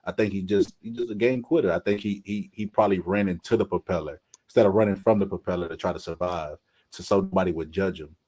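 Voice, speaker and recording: A man hosting a casual boxing chat, animated and profane, often acting out quotes. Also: low-pitched, fast talker, slightly rough. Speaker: boxing channel host.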